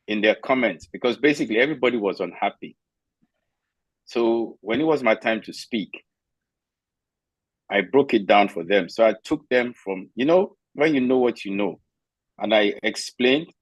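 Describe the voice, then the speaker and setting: A man's voice: fairly low pitch, husky, dry recording, poor audio. A man from Nigeria on a video call, telling stories from his own life and giving firm, candid advice. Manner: emphatic, candid storyteller, gives firm advice.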